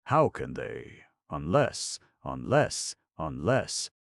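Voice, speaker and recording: A man voicing a melancholy male clockwork man who speaks in a halting, plaintive way. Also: extremely low pitch, sing-song, creaky, no echo, studio quality, full character voice. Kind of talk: audiobook reading.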